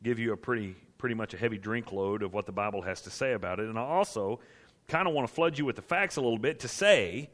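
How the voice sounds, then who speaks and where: A man's voice: lowish voice, expressive, fast talker, fairly bright tone. A man preaching a sermon as pastor to a church gathering, earnest and building to impassioned emphasis.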